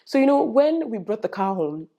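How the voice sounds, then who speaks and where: Young woman, Nigerian accent, casual vlogger, animated storyteller with Pidgin asides. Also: on the high side, moderate pace. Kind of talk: casual vlog chat.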